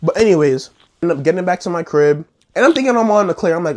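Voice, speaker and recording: A young man telling a wild story in a slangy, animated vlog, acting out the scenes. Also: high voice, fast. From New York.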